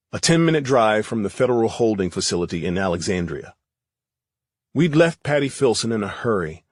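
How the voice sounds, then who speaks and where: A man reading a first-person thriller audiobook in a steady, matter-of-fact way. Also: fairly low pitch, dry recording, clean studio sound. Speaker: audiobook narrator.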